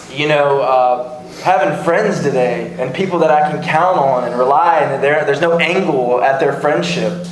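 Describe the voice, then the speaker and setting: A young man sharing his recovery story at a support meeting, earnest and halting, often restarting his sentences. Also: fairly high pitch. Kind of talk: personal testimony at a recovery meeting. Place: meeting room. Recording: echoey room, faint background hum.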